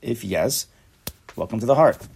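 A man's voice: lowish voice, expressive, unhurried, creaky, darkish tone, breathy edge. A man giving a casual, chatty Torah class, joking and mixing Hebrew and Yiddish terms into his talk.

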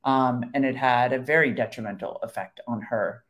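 A woman's voice: rumbling low, normal speed. A woman co-hosting a Christian devotional chat with her husband, sharing testimony earnestly and laughing often. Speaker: co-host of a Christian devotional show.

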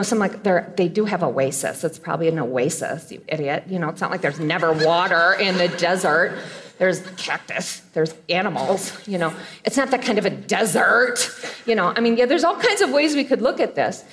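A woman preaching a sermon, retelling a scripture story with animated storytelling and playful asides. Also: mid-range voice, normal speed. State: choked up with emotion.

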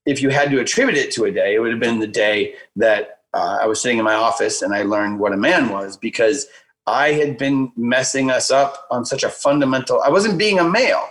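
Animated man telling a personal story. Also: medium pitch, fairly quick, low-quality recording. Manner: animated, acts out quoted voices, many fillers. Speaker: guest speaker. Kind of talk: casual conversational storytelling.

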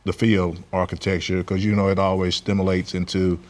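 A man from Louisiana speaks in a very low voice as a guest on an interview show. He answers haltingly, filling gaps with frequent pauses. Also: flat delivery, darkish tone. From Louisiana, USA. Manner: halting, many filler pauses. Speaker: guest, construction business owner.

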